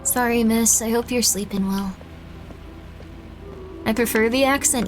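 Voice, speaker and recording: A woman's voice: on the high side, steady tone, moderate pace, long pauses, soft background music. A young woman streaming a game, rambling and joking to herself, now and then breaking into panicked shrieks. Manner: rambling, self-deprecating, bursts into panicked shrieks. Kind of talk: casual gameplay commentary.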